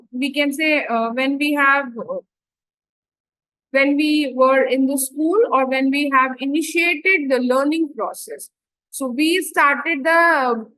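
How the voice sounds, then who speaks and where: A woman giving an online lecture, explaining step by step, often checking in with "right?" and pausing on fillers. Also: sits high, sharp tone, no echo, poor audio.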